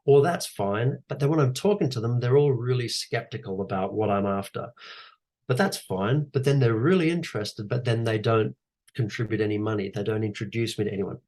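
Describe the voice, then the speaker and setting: A man, an actor and teacher, giving coaching advice in an animated, conversational way and repeating his key phrases. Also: on the low side, brisk. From Australia. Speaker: guest speaker, actor and teacher.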